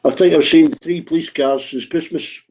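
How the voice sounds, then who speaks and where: A man's voice: fairly high pitch, fairly even intonation, normal speed, darkish tone, husky, highs cut off. A man in casual phone chat, dry and teasing, swearing casually.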